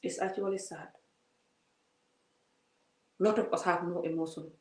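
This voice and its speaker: A woman's voice: on the low side, steady tone, moderate pace, darkish tone. A woman giving an emphatic, preachy vlog monologue, full of repeated words and rhetorical questions. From Gambia. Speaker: vlogger. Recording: roomy echo.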